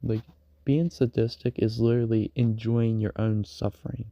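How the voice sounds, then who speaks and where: A man's voice: mid-range voice, fairly even intonation, moderate pace, creaky, dark tone, no echo, lo-fi sound. A man rambling in a casual late-night stream monologue, full of fillers and restarts. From United States.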